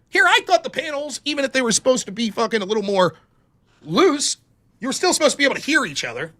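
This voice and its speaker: A high, bright voice swings widely in pitch through an indignant, profane rant. The speaker is sarcastic and cutting and keeps swearing as they vent. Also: sing-song, fast talker. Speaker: streamer in a played clip.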